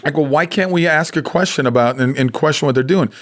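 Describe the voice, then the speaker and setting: Fast-talking American man in his sixties. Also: a little high. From United States. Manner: animated storyteller, acts out quoted voices. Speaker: guest. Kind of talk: casual chat.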